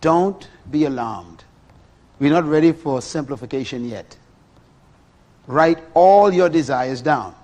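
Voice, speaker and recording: Lively middle-aged male preacher. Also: fairly high pitch. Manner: animated, rhetorical questions to the audience. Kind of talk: sermon.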